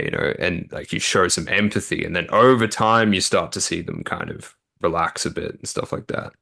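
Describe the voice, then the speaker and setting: A young man speaks in a low register with a bright, forceful edge. He explains dating advice casually, full of "like" and "you know.". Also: brisk, creaky, hardly any pauses. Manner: relaxed, filler-heavy explaining. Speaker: dating coach. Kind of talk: casual interview talk.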